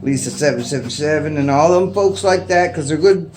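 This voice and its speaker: Middle-aged Canadian man, slightly higher voice, loose rambling vlog chat. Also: fairly quick, darkish tone. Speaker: vlogger. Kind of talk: casual unscripted chat to camera. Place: indoors at home. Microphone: phone propped up facing him.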